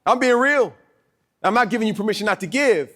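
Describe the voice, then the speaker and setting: Southern male pastor, higher-pitched voice, lively emphatic sermon delivery. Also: fairly quick. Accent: Southern American. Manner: animated preaching with laughs and emphatic repeats. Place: church sanctuary.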